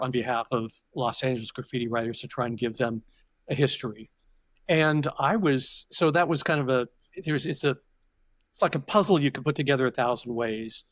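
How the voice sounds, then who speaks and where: The older man here is a podcast guest whose interview storytelling is reflective and digressive, full of restarted sentences. His mid-range voice has a fairly bright tone, and the recording is dry.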